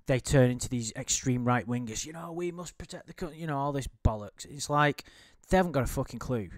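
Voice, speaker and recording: A man's voice: mid-range voice, fairly quick, no echo, studio quality. A man giving casual, rambling commentary while reading out a chat log, full of swearing, restarts and laughter.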